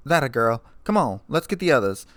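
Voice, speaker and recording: A man reading aloud, voicing a steady, motherly country mare with folksy, drawling speech. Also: mid-range voice, brisk, dry recording. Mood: reassuring.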